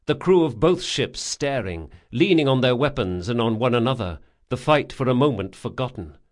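Guy narrating an audiobook, steady dramatic reading, mid voice. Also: medium pitch. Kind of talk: scripted fantasy narration.

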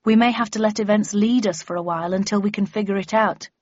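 A woman's voice: medium pitch, steady tone, a little mellow, no room sound, muffled recording, lightly acted. Woman reading a wry older father. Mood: thoughtful. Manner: measured, dry and unhurried.

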